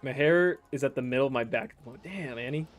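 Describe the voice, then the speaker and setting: A young man from the States chats loosely while streaming, reading messages aloud and riffing on them. His voice sits at an ordinary middle pitch, and he laughs often and swears without a second thought. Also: a little fast, soft background music. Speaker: game streamer. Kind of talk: casual chat while reading viewer messages.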